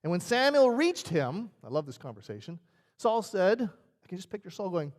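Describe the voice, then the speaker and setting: A male pastor preaches a sermon in a conversational, storytelling style, his high voice swinging widely in pitch at a moderate pace. The recording carries the reverb of a church sanctuary.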